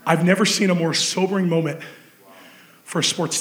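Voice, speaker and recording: A man with a high voice preaches in an echoey church hall. He tells his story with animated energy, swinging between excited shouts and hushed, intense stretches. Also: moderate pace. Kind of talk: sermon.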